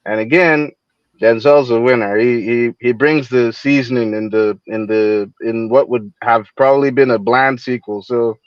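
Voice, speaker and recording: A man's voice: mid-range voice, fairly even intonation, no room sound. A man calling into a livestream, talking casually with many restarts and getting heated as he makes his point. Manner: halting, repeats words, gets heated. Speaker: stream guest. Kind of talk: casual call-in commentary. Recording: dull, dry lo-fi call audio.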